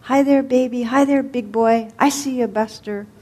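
A woman putting on a loud, cheery old man. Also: on the high side, fairly even intonation, moderate pace, voice pushed up, close to an everyday voice. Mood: delighted calling. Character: scruffy old man, loud and delighted, calling to a baby.

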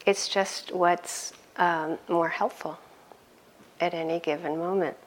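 A middle-aged woman giving a conversational dharma talk as a meditation teacher, laughing often and growing animated in her stories. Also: on the low side, slow pace.

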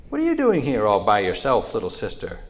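A man's voice: fairly low pitch, sing-song, moderate pace. A man voicing a friendly female raccoon who guides a little mouse in a spoken story, welcoming and a bit livelier.

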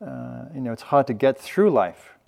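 A man teaching at a meditation retreat, speaking in a gentle, loose, conversational way with light self-mocking humor. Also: medium pitch, lively intonation, normal speed, gravelly. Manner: loose, with frequent fillers and restarts. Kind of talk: dharma talk at a meditation retreat.

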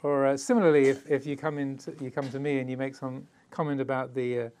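A middle-aged man teaches meditation in a loose, chatty way. He laughs often and slips into little acted voices for the people he quotes, speaking at a mid pitch. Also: flat delivery, fast, darkish tone, smooth. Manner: conversational, playful, laughs often. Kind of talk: Dharma talk.

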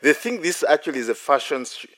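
A man's voice: on the high side, very animated, quick pace, fairly bright tone. A man, a Buddhist monk, giving a dharma talk at a meditation retreat, chuckling often and telling self-deprecating stories. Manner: playful, chuckles often between phrases.

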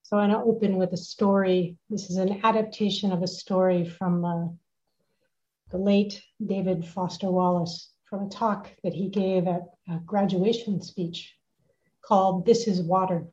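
A woman leading a retreat talk from home, speaking gently and unhurriedly with soft laughs. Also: fairly low pitch, steady tone, normal speed, dull audio. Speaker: meditation retreat teacher. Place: at home with a dog nearby.

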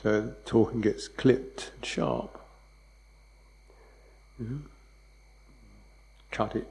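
Mellow-voiced man giving a dharma talk. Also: lowish voice, lively intonation, gravelly, rough recording. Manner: soft, unhurried, reflective teaching with quiet repetitions. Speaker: meditation teacher.

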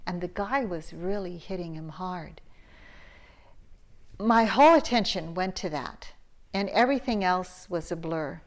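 A woman's voice: on the low side, animated, measured pace. A middle-aged woman teacher giving a dharma talk at a meditation retreat, telling a story conversationally with laughs and restarts.

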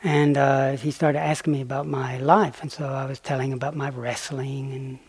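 A man giving a dharma talk, telling a story in a soft-spoken way that often drops quiet and breaks into chuckles. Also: medium pitch, level tone, normal speed, slightly rough. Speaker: meditation teacher.

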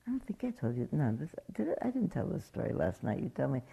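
A woman's voice: extremely low pitch, sing-song, fast, creaky, husky. A woman meditation teacher giving a dharma talk, telling stories in an anecdotal way and acting out quotes. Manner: warm anecdotal storytelling, acts out quotes.

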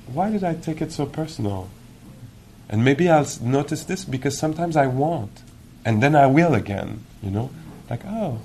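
A man giving a meditation teacher's dharma talk in a gentle, reflective, musing way, with many pauses. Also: mid-range voice, gravelly, a little hiss or hum. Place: retreat hall.

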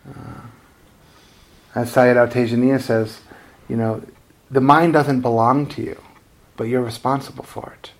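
A man giving a dharma talk as a meditation teacher, in a relaxed, conversational, self-deprecating way with frequent chuckles. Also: medium pitch, unhurried, long pauses.

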